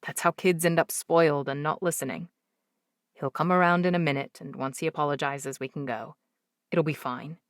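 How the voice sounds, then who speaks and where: Lady narrator doing a patient young dad, calm and soothing, kinda low, dry close audiobook sound. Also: measured pace, dry recording. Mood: hushed apologetic. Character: patient young single father, gentle but firm. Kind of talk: audiobook character voice.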